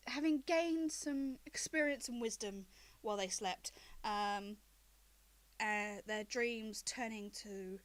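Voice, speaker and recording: A woman running a tabletop game as game master, recapping the story in a relaxed, chatty way. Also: on the high side.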